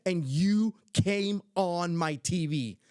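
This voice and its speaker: A man voicing his excited eight-year-old granddaughter in a quoted phone call, gushing and breathless. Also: mid-range voice, fairly quick, dry recording, studio quality, natural voice.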